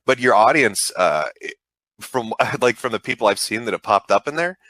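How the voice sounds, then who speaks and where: A man's voice: medium pitch, expressive, moderate pace, pushed and bright, dry recording. A man casually chatting on a call, giving frank, profanity-laden advice in a rambling way. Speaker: online show host.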